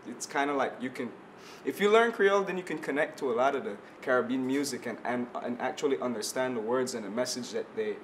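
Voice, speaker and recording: A man's voice: medium pitch, slight background noise. A young man from Belize, a musician guest on a radio talk show, chatting easily and often restarting as he searches for words. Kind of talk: casual radio interview.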